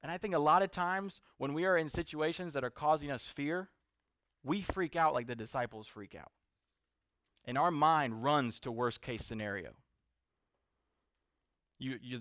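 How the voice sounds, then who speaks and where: A man's voice: mid-range voice, smooth, dry recording. Earnest male preacher, dry close sound. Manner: earnest, builds to emphatic peaks then drops soft. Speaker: pastor. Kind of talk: sermon. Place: room with a seated congregation.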